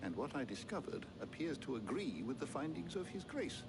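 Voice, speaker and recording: A man's voice: on the high side, sing-song, brisk, loud music behind the voice. An actor playing an eccentric old male scholar in a game, lecturing in a fussy, learned way.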